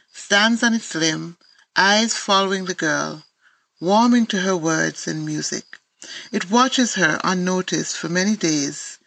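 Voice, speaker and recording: A woman's voice: lowish voice, vocal fry, a bit bright, no room sound, rough recording. A woman from Antigua with an Antiguan accent, an author reading her own children's picture books aloud in lilting storybook narration.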